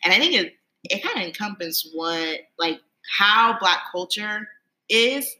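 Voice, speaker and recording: A woman's voice: medium pitch, animated, unhurried, sharp tone, a little hiss or hum, rough recording. A young woman in casual podcast chat, rambling and laughing often, with lots of "like". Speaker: podcast co-host.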